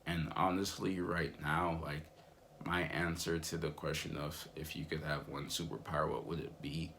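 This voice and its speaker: A man's voice: extremely low pitch, flat delivery, moderate pace, gravelly, a bit bright, a little hiss or hum. A young man vlogging in a rambling, laid-back way, full of fillers. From United States. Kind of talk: casual vlog monologue.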